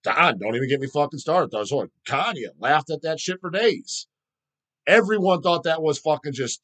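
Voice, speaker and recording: A man's voice: on the high side, animated, a little fast, a bit bright. A middle-aged man hosting a solo vlog, ranting heatedly and profanely. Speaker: channel host.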